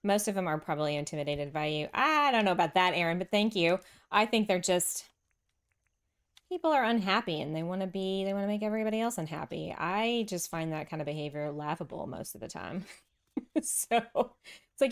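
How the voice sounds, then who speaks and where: This livestream host, a woman with a Texan accent, laughs often and chats casually with viewers while playing a game. Her mid-range voice is animated and brisk.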